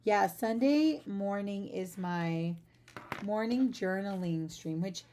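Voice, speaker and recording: Sleepy and just up, a chatty woman rambles through a casual livestream from her home art studio, talking to viewers as she packs orders; she is both host and artist. She speaks slowly at a medium pitch, with a warm tone.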